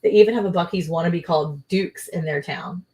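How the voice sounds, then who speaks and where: A woman co-hosting a casual livestream, chatty and rambling, often quoting people in lively voices. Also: lowish voice, fairly quick. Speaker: livestream co-host.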